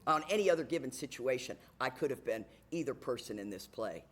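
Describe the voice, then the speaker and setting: A woman's voice: extremely low pitch, lively intonation, fairly quick. An older woman speaking at a recovery meeting, telling personal stories in a frank, chatty way and laughing often. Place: AA meeting room.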